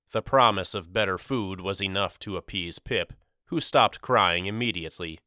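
A man narrating an audiobook in a measured, deliberate storytelling manner. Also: low voice, sharp tone, dry recording, studio quality. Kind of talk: scripted narration.

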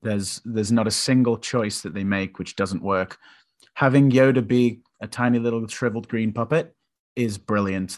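A young man co-hosting a podcast, talking enthusiastically about a film, rambling with restarts. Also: lowish voice. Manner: enthusiastic, rambling, with animated quoted voices. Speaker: podcast co-host. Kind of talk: casual film discussion.

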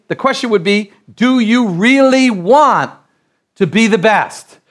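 Male preacher, middle-aged, from the United States, high voice, animated sermon that climbs to shouts. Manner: animated preaching, builds to loud exclamations; repeats and restarts phrases while building up.

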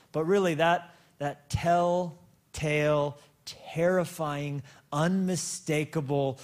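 A male pastor with a somewhat raised voice delivers a sermon, opening with a personal story. He often trips over himself and repeats words before finding his footing. At key moments he slows right down and draws out each word for weight. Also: fairly high pitch. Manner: storytelling with frequent stammered restarts and repeated words; slows down and stretches words for emphasis.

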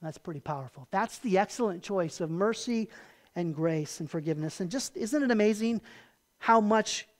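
An expressive pastor preaches at a moderate pace, reading scripture aloud with growing emphasis. His explanations are conversational and peppered with rhetorical questions, and he tends to end a point in a hushed, low voice.

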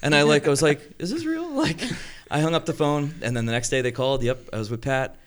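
A man's voice: mid-range voice, quick pace, clear, resonant tone. A man chatting casually on a podcast, telling a long story and acting out the people in it. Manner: animated storyteller who acts out quoted voices. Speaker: podcast co-host. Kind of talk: casual chat.

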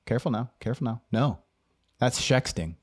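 A man's voice: mid-range voice, lively intonation, fairly quick, slightly rough. Teasing man quizzing his co-host. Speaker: podcast co-host. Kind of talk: casual chat.

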